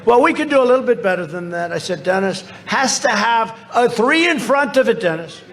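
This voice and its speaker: A man's voice: sits high, expressive, fairly quick, a bit bright. A man giving a rally speech into a podium microphone, telling boastful, repetitive stories to a crowd. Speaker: politician speaking at a rally. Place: large rally venue.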